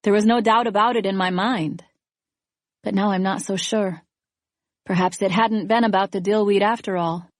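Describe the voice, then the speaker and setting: A woman narrating a first-person thriller audiobook in a measured, even storytelling manner. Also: mid-range voice, no echo, studio quality.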